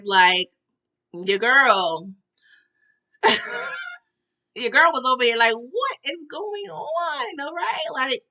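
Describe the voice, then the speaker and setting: A woman giving a casual TV episode recap, animated and slangy, often checking in with "okay?" and "y'all". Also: a little high, lo-fi sound. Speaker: TV recap reviewer.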